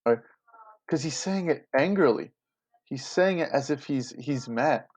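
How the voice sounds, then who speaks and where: A man's voice: medium pitch, animated, a little slow, darkish tone. Casual man explaining a play. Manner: casual and explanatory, addresses students directly. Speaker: teacher. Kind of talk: classroom lesson explaining a play.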